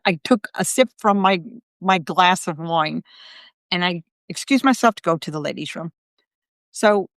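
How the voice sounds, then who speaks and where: A woman's voice: on the low side, dry recording, clean studio sound. A middle-aged woman, a psychic medium, telling a personal story on a live video in a chatty way, full of asides and quoted self-talk.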